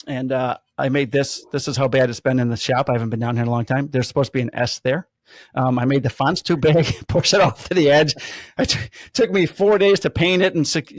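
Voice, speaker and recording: Man, 50s, lively storyteller, dry close sound. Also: mid-range voice, no room sound. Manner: animated storyteller, acts out quotes. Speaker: podcast host, police officer. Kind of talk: casual storytelling chat.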